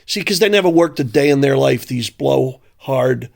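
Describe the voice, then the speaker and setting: Male commentator, gravelly and mocking, ranting solo. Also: medium pitch, animated, normal speed, darkish tone. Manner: angry, sarcastic, mocking.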